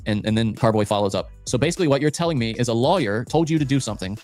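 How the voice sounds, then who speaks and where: A man's voice: mid-range voice, lively intonation, racing, darkish tone, dry recording, faint music behind. A man hosting a podcast in casual chat, rambling as he retells news stories and restarting his sentences often. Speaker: podcast host.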